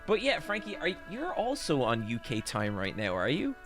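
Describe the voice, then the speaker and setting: Tired streamer host, rambling self-deprecating yarn, faint music under him. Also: male voice, fairly high pitch, huge pitch swings, normal speed. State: tired after a very long stream. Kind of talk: casual storytelling chat.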